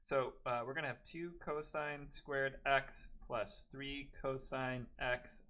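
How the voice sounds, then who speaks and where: Working through math steps aloud for his class, a man keeps cracking chatty jokes at the students between them in this classroom lecture. He takes it slowly with a medium pitch and steady tone, his voice pushed and bright.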